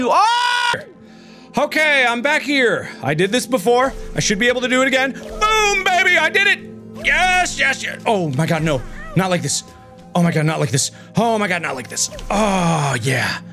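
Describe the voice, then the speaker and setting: A man doing frustrated gaming commentary, swinging from low mutters to sudden yelling as he plays. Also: big pitch swings, normal speed, soft background music. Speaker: gaming video host.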